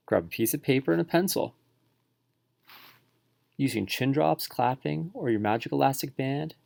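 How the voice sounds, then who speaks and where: Spelling strategies are taught here by a man speaking at medium pitch, his calm voice thick with gravelly fry. He breaks each word into syllables slowly and distinctly in this instructional narration. There's no room sound; the audio is close and dry.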